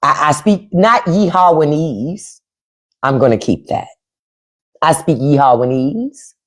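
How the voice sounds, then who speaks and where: A woman hosting a livestream with casual comedic commentary in African American English, profane and animated, often acting out other people's voices. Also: deep voice. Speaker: podcast host. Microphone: phone or desk mic on a livestream.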